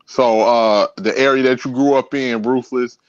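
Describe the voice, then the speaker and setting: A man's voice: mid-range voice, steady tone, moderate pace, smooth, no echo, muffled recording. A man hosting a podcast, talking in a laid-back, easygoing way with many fillers and ready laughter. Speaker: podcast host. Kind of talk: casual podcast conversation.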